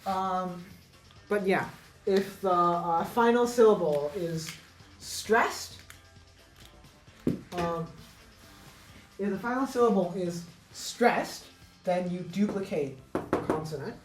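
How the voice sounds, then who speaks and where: A woman teaching an unscripted grammar lesson, halting and correcting herself, with many fillers. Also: on the low side, animated. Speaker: English teacher. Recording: echoey room with faint music.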